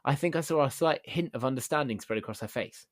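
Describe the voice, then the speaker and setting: A male podcast host telling a story in a casual, deadpan and amused way, with casual swearing. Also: medium pitch, fast talker, no room sound, studio quality.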